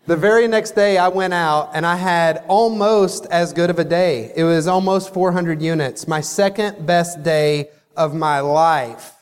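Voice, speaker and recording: A man, a company CEO, giving a motivational keynote speech and telling a story with lively quoted dialogue. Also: fairly high pitch, unhurried, hardly any pauses, clear, resonant tone. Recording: echoey hall reverb.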